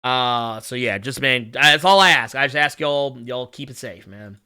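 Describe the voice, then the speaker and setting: A man's voice: medium pitch, normal speed, smooth. A man hosting a casual pop culture show, swearing freely, laughing often and joking around. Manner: animated, swears freely, laughs often, does mocking voices. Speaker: podcast host. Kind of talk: casual chat.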